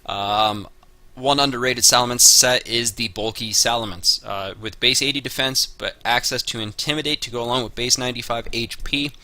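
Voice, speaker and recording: A man's voice: mid-range voice, steady tone, moderate pace, sharp tone. A man giving a casual spoken analysis of his draft picks, working through lists with frequent "uh" and "um" fillers. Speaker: Pokemon draft league player.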